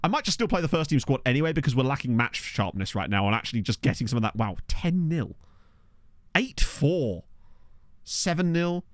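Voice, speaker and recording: A man talks through his football management game on stream, reacting aloud to each surprise and chatting to his viewers. His pitch swings widely and animatedly. The sound is dry and close, with no room echo. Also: brisk. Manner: excitable, chatty, reacts aloud and addresses chat. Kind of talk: casual gameplay commentary. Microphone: desk microphone.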